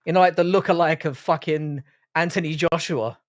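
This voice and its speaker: A man's voice: on the high side, moderate pace. Irish man doing profane live fight commentary. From Ireland. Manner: casual, profane, reacting live and reading chat. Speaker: livestream host.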